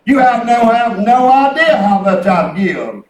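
A man's voice: extremely high pitch, sing-song, measured pace, a little mellow. A man preaching a folksy sermon, telling rambling stories and breaking into calls of praise. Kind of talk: sermon with testimony. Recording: echoey room, distant mic.

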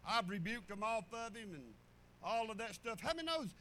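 A man's voice: high voice, expressive, a little fast, bright, forceful tone, slight background noise. A man preaching a sermon, folksy and storytelling, repeating phrases for emphasis. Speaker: pastor.

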